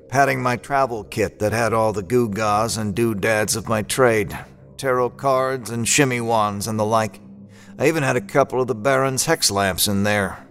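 A man's voice: on the low side, a bit bright. A man narrating an audio drama in the first person, with a folksy old-timey drawl and a laid-back, wry manner.

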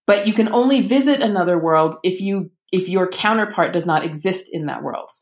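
A woman author chats casually about what she is reading. Her voice sits a little low, and she fills the gaps with ums while acting out quotes with animation. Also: a little fast. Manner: chatty, many fillers, animated quoting. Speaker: author guest. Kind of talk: casual podcast conversation.

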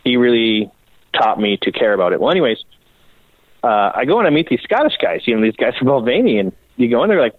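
A man's voice: medium pitch, fast talker, no echo, phone-quality sound. A man, a bike builder, telling a long story in a casual podcast interview, rambling and swearing as he acts out what people said. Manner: profane, rambling, animated storyteller who acts out quotes.

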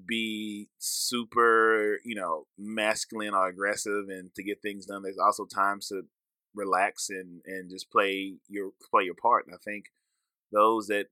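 A man's voice: fairly low pitch, little pitch movement, measured pace, bright, forceful tone, dry recording. A man co-hosting a podcast, talking in a laid-back, reflective way and swearing casually. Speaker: podcast co-host. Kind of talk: casual chat.

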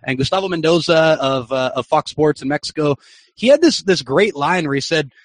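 Brief: young male sports reporter, podcast guest, lively anecdote, voice sits on the high side, dry close sound. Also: fairly quick, dry recording. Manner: animated, excited anecdote-telling. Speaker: soccer journalist and broadcaster, podcast guest. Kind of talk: storytelling in a podcast interview.

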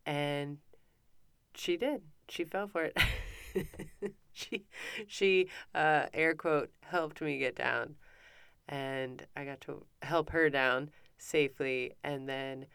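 A woman in her thirties hosting a podcast, telling a family story in a casual, animated way. Her voice is low and very smooth, and she often restarts her sentences. The sound is close and dry, with no room echo. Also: takes it slowly. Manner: animated, breathless retelling with many restarts and acted quotes. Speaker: podcast host.

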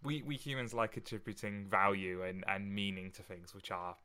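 A man co-hosting a casual podcast chat, animated and quick to laugh, often restarting his sentences. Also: on the low side, clean tone. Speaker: podcast co-host. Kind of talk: casual chat about Shakespeare's sonnets.

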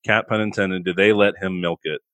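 A man co-hosting a casual comedic film review, ranting with profanity and sudden high-pitched outbursts of exasperation. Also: steady tone, brisk, a bit bright, no room sound. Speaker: podcast co-host.

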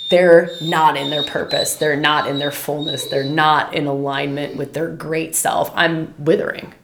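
Low, gravelly woman in an echoey room. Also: unhurried, slight background noise. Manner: animated, chatty, laughs often, scolds her puppy mid-talk. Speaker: podcast host and meditation teacher. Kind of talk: casual spoken teaching.

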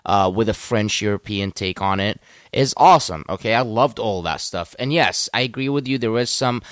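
A man co-hosting a casual film podcast, excitable and stammering, swearing freely as he talks. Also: on the low side, normal speed, dry recording, studio quality. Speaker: podcast co-host.

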